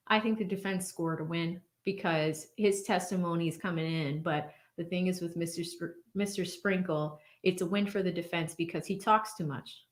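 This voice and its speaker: A woman hosting a casual livestream from a home studio, chatting, laughing often and thanking viewers by name as she reads their messages. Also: lowish voice. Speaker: livestream host reading superchats. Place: home studio with blue backlight.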